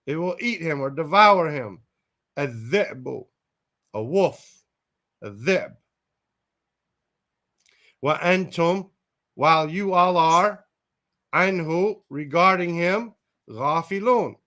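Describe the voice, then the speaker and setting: Slow, deliberate male Arabic teacher. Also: on the high side, animated, pushed and bright. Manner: slow, repeats each Arabic word then glosses it; thinks aloud, tentative asides. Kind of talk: word-by-word Quran translation lesson.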